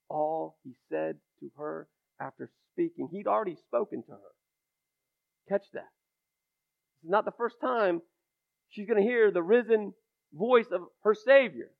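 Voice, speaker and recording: A male preacher with a high, gravelly voice delivers an impassioned sermon, dropping to near-whispers before swelling into loud, ringing declarations. The sound is narrow and phone-like, as if heard down a telephone line. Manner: impassioned, builds from hushed to loud. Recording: thin phone-like recording.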